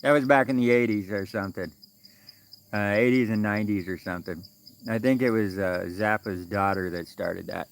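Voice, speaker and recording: A man's voice: fairly low pitch, moderate pace, vocal fry, clean tone. A man chatting casually on a livestream, rambling loosely with many fillers and restarts, recorded outdoors at a night camp. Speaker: livestream vlogger.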